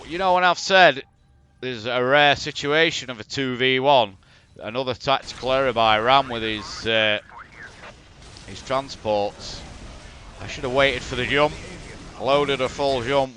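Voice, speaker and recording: A gaming commentator from Yorkshire, England, with a Yorkshire accent, commentates a replay of his own strategy game in blunt, sweary, exasperated banter. His mid-range voice has a sharp tone, with slight background noise.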